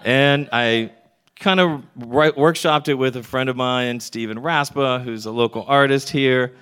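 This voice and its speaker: Here's a Texan comic in middle age, telling an honest, humorous tale to an audience in the room. The tone is clean and fairly bright, his pitch sits in the middle, and his unhurried delivery lets the wry punchlines land.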